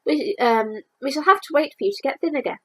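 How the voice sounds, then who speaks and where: A woman voicing a kind, sensible young boy in a storybook read-aloud, gentle and reassuring. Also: sits high, animated, a little fast.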